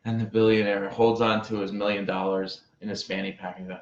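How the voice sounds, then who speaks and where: A man who is a relationship coach, telling a parable and giving advice in a deliberate way, with pauses and repeated phrases. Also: on the low side, little pitch movement, a little hiss or hum. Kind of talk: storytelling advice talk. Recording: roomy, slightly dull sound.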